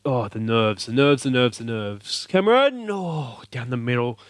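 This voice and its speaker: Australian male let's-play host, mid-pitch, lively game commentary, cheers at the screen, dry close sound. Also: moderate pace, clean tone, dry recording. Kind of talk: excited gameplay commentary.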